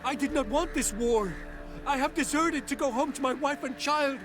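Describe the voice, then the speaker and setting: A man's voice: very high voice, moderate pace. An actor playing a desperate male army deserter who begs for his life in formal, old-fashioned speech. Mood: pleading. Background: game music.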